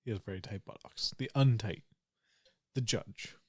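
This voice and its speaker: A man's voice: fairly low pitch, moderate pace, husky, no echo, clean studio sound. A man playing Mavis, an older woman baker who hints at secrets in a conspiratorial way. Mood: secretive. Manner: cryptic, conspiratorial. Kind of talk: tabletop role-play.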